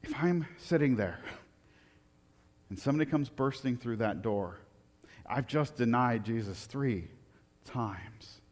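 A man preaching a sermon, telling stories with lively swings from loud excitement to quiet reflection. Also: mid-range voice, slow, long pauses, big-room sound. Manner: animated storytelling, rising loud for anecdotes, dropping soft for reflection. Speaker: pastor.

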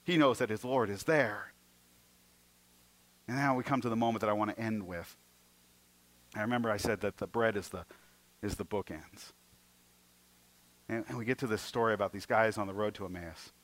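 A man preaching a sermon, retelling stories with acted-out voices and moving between emphatic passages and hushed ones. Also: fairly low pitch, normal speed, long pauses. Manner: storytelling, acting out scenes in varied voices; swings from loud and emphatic to hushed. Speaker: pastor.

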